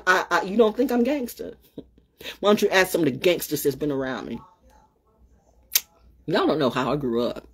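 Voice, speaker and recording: A woman hosting her own show, talking in a rambling, animated way, often repeating herself, swearing freely, and swinging from loud bursts to low murmurs. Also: slightly rough. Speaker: show host. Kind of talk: rambling solo livestream talk.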